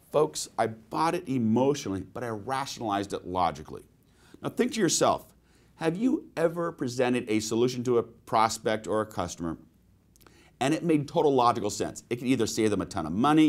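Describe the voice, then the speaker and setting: A male sales trainer leading a webinar, with a mid-range voice that rises and falls in a very lively way. He tells stories from his own life and keeps turning to his listeners with rhetorical questions. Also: medium pitch, fairly quick. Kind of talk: webinar sales presentation with personal anecdotes.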